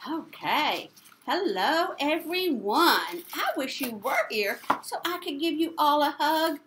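A woman preschool teacher, reading a picture book aloud to children in an animated, playful way and asking them questions. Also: high voice, slow, slight background noise.

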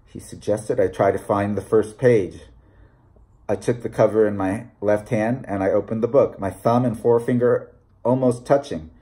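A man reading a short story aloud in a measured, deliberate narration. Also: on the low side, steady tone, mellow. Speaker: audiobook reader. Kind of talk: scripted narration.

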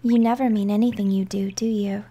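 A woman's voice: medium pitch, steady tone, fairly quick, mellow, slight background noise, natural voice. A woman voicing a cold, accusing, mocking figure in whispered role-play. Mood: scornful.

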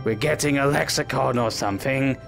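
A man's voice: mid-range voice, a little fast, creaky, faint music behind. A man giving comedic VR gameplay commentary, playful and rambling, slipping into silly voices. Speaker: gaming YouTuber.

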